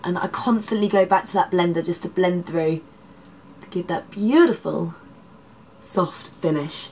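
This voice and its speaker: A congested woman talks through a makeup tutorial, her voice nasal and a little husky. She chats casually, wandering into asides, and sits a touch low in pitch for a woman. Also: a little slow, a little mellow, slight background noise. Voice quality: slightly husky, dodgy voice. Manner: chatty, rambling asides. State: congested, nasal from hay fever. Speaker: makeup artist.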